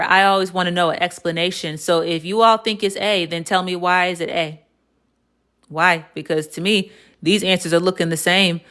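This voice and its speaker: A woman's voice: lowish voice, fairly bright tone. An American woman teaching a live online Spanish lesson, casually quizzing her viewers and encouraging them.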